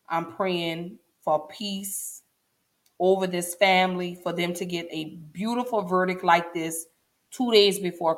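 A woman's voice: medium pitch, a bit bright. Woman, 40s, livestream host, chatty and emotional, addresses viewers directly. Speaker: show host. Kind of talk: casual livestream talk.

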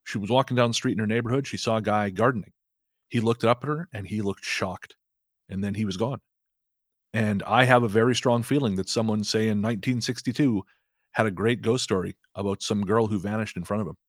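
A man's voice: fairly low pitch, fairly quick, no room sound, clean studio sound. A man answering as a podcast guest, talkative and frank. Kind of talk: casual interview chat.

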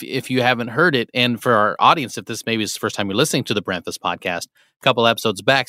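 A man's voice: fairly low pitch, no room sound, studio quality. A man hosting a podcast, asking casual questions and giving short encouraging replies. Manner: relaxed, encouraging, short back-channel replies. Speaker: podcast host.

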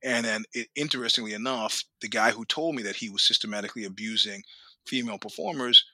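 An older man as an interview guest, telling animated anecdotes with acted quotes and laughter. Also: on the low side, quick pace, dry recording. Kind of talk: storytelling interview.

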